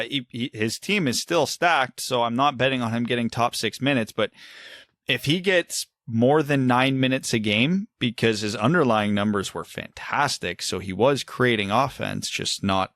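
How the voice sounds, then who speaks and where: A man's voice: mid-range voice, a bit bright, no room sound, studio quality. A man co-hosting a casual podcast, ranting heatedly and swearing. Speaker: podcast co-host.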